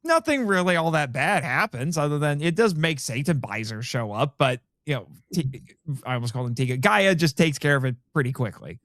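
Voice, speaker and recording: A man's voice: a little fast, hardly any pauses, no room sound, studio quality. A man hosting a casual film discussion podcast, talking animatedly and acting out characters' lines. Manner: animated, quotes characters with rising pitch. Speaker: podcast host.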